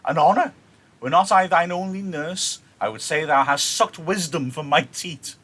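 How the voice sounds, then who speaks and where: A male teacher voicing a garrulous old nurse who laughs and rambles on in a raised, squeaky voice. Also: normal speed, a bit bright. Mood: cheeky. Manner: chattering, laughing, squeaky high voice.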